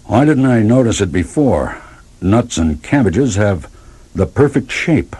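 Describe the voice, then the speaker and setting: A man voicing an earnest young male farm dog in a storybook reading, speaking low and stubborn. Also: animated, unhurried, dark tone, breathy edge. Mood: insistent.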